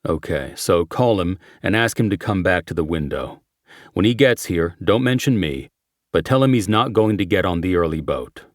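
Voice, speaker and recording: Guy reading a low-voiced cop, terse and calm, dry close sound. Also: no echo. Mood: measured. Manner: terse, measured. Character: calm, low-key male sheriff's deputy.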